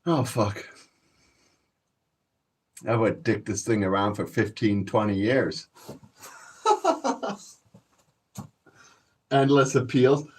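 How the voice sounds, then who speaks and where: Speaking slowly with frequent pauses, this Canadian man has a voice on the low side, with a little hiss or hum in the recording. As a channel host, he laughs often while spinning profane, boastful stories in a casual rant.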